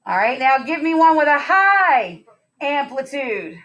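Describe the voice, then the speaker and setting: A woman's voice: sits high, very animated, measured pace, a bit bright, highs cut off. A woman teacher giving a science lesson in a classroom, upbeat and playful, putting questions to her students.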